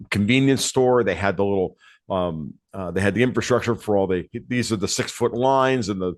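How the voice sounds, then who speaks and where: A man hosting a podcast, talking in a rambling, animated way that keeps circling back on itself. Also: fairly low pitch, no room sound, studio quality. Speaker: podcast host. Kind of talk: casual podcast conversation.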